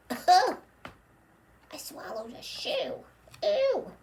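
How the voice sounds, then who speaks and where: A woman's voice: very high voice, big pitch swings, extremely slow, a little mellow, voice pushed up, heavily acted. A woman voicing a silly little old lady puppet who complains about her full tummy in a whiny, giggly way. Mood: giggly, queasy.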